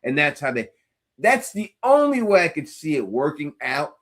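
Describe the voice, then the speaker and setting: A man's voice: a little high, sing-song, moderate pace, fairly bright tone. A man in a casual recap chat, earnestly spinning theories and repeating words as he thinks.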